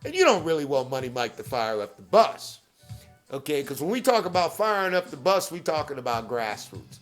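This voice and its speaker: A man hosting a podcast who pitches hard, repeats catchphrases, keeps asking "okay?" and shouts out people by name. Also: big pitch swings, brisk, faint music behind. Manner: hype-driven, repeats catchphrases, peppers with "okay?". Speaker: podcast host. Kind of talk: promotional monologue.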